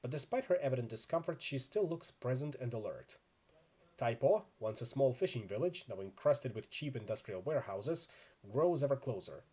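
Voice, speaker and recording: A man's voice: mid-range voice, expressive, normal speed, warm tone, husky. A man reading a video game's story text aloud and adding casual player asides. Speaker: let's play narrator.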